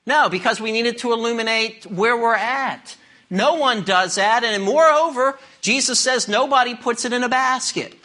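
A man's voice: very high-pitched, moderate pace, pushed and bright. A man preaching a sermon, emphatic and questioning the congregation directly. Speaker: pastor.

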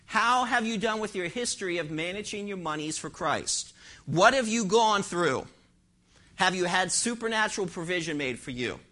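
A male pastor delivers an emphatic sermon in church, pressing his congregation with one rhetorical question after another. His voice sits high for a man and rings bright and forceful. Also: animated, normal speed. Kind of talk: expository sermon.

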